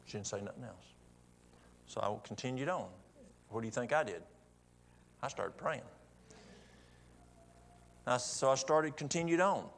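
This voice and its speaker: Man, gravelly low-middle voice, folksy church storyteller, faint hiss behind. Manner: folksy testimony storytelling with quoted dialogue. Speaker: church speaker. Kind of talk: sermon storytelling.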